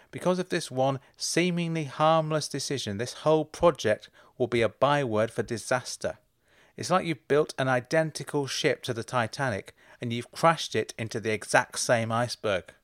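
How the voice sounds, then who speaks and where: A man delivers a comic monologue with dry, deadpan timing and growing mock outrage. His mid-pitched voice sits close to the mic, with no room echo. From England.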